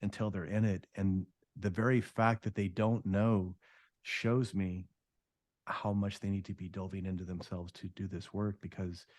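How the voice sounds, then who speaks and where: A man hosting a podcast, offering measured, thoughtful reflections to his guest. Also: sits low, level tone, a little mellow, no echo. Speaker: podcast host. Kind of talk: reflective interview commentary.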